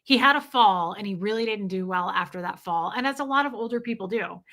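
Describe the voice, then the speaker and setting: Woman, 30s, vlogger; bright, tense tone; animated, candid storyteller who swears at times. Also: mid-range voice, brisk. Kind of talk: casual storytelling to viewers.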